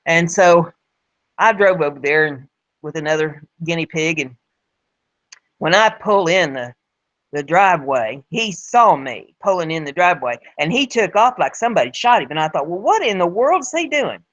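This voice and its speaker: A woman's voice: low voice, animated, moderate pace, a bit bright. A woman tells a story in a plain, folksy way, often repeating her words. The sound is dull and lo-fi. The room is dry, with no echo. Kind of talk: spoken storytelling. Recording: dull lo-fi recording.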